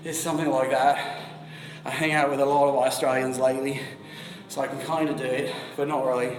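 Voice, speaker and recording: Recorded on a phone camera in an echoey, long-reverb room, a man in his forties live-streams his workout as a fitness vlogger. He talks casually with occasional swearing, breathes heavily between sets, and has a mid-range, fairly bright voice.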